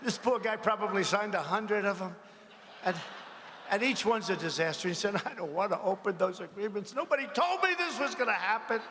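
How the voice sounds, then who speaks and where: A man's voice: sits high, animated, a little fast, bright, forceful tone. A man giving a rambling campaign rally speech to a crowd in a large arena, mocking his rivals and asking the crowd for agreement. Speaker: politician at a rally. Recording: echoing hall with faint crowd noise.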